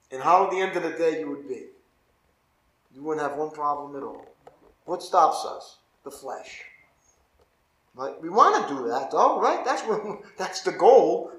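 A man's voice: a little high, fairly bright tone. A man, a pastor, teaching a Bible study in an informal, conversational way and often asking his listeners "right?". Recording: echoey room.

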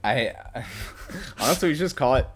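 A young man co-hosting a casual podcast, talking in a rambling, halting way and laughing often. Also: medium pitch, lively intonation. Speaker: podcast co-host. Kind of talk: casual chat.

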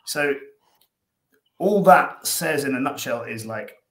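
A man's voice: medium pitch, animated, takes it slowly, fairly bright tone. Rambling Irish man in an echoey room. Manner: rambling, repeats words, acts out scenes. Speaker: guest, dog behaviour coach. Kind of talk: casual podcast chat.

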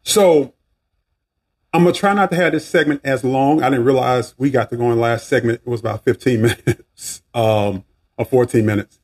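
Husky Southern man preaching on a podcast. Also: moderate pace. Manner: preachy, animated, swinging pitch, asides and restarts. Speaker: podcast host. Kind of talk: casual faith podcast talk.

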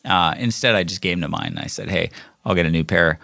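Middle-aged male podcast host, low-ish voice with a bright forceful edge, dry close sound, loose rambling storyteller. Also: fast, gravelly, no room sound. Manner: rambling, many fillers and restarts. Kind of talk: casual storytelling monologue. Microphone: recording himself solo.

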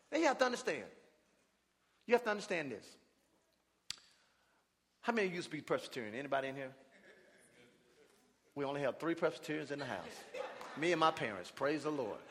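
A man preaching a sermon, calling out to his congregation and drawing out shouted phrases for emphasis. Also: high-pitched. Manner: preaching with call-and-response, drawn-out shouted emphasis. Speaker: pastor. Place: church sanctuary with congregation. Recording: reverberant church hall.

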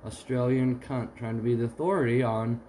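A man's voice: medium pitch, steady tone, brisk, dark tone, a little hiss or hum, low-quality recording. A man co-hosting a podcast who chats casually and spins joking made-up stories. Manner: joking, improvises mock stories. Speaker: podcast co-host. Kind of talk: casual chat.

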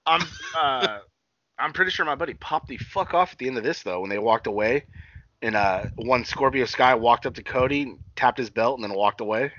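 A man co-hosts a casual wrestling recap podcast, rambling and swearing with plenty of fillers and restarts. His medium-pitched voice is a bit bright and moderately paced, with no echo and a dull lo-fi sound.

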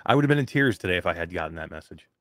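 A man's voice: low voice, very fast, no echo, studio quality. A man co-hosting a live stream about gaming, chatting casually, joking and reading out viewers' names. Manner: animated, joking, reads chat names aloud. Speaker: podcast co-host.

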